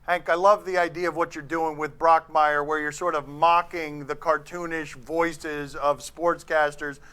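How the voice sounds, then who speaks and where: High, bright-voiced male talk host. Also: little pitch movement, a little slow. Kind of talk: TV talk show interview.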